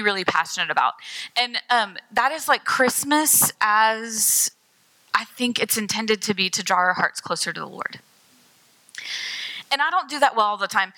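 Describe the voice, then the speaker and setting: A woman's voice: medium pitch, sharp tone, no room sound, low-quality recording. A middle-aged woman giving a conversational sermon as guest speaker, telling candid, self-deprecating personal stories.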